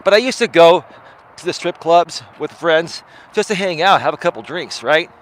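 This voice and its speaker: A man's voice: a little high, expressive, moderate pace, slight background noise. Chatty male life coach, forty-something. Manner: chatty, tags lines with "right?". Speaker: life coach and stream host. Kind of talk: casual live stream monologue.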